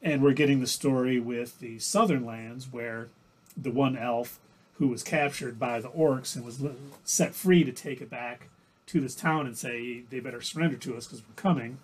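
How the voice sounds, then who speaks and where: Man, husky voice, mid-pitched, casual livestream co-host, rambling episode recap. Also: measured pace. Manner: rambling, self-correcting storyteller.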